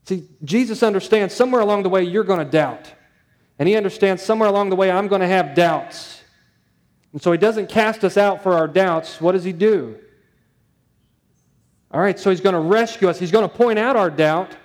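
A man's voice: high-pitched, moderate pace. A male pastor preaching a sermon, stressing points through repetition and rhetorical questions.

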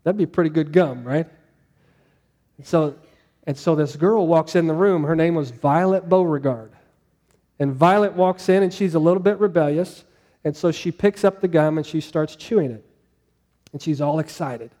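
A man's voice: fairly high pitch, normal speed, mellow, big-room sound. A man preaching a sermon to a congregation in a conversational way, asking them questions as he goes. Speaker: pastor.

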